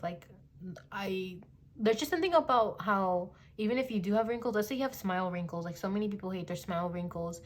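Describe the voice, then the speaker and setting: Talking fast at a medium pitch, a woman in her twenties gives a casual tarot reading into her phone. She rambles, fills gaps with "like" and "you know," and at times lapses into gushing quoted voices, with a bit of hiss or hum on the recording.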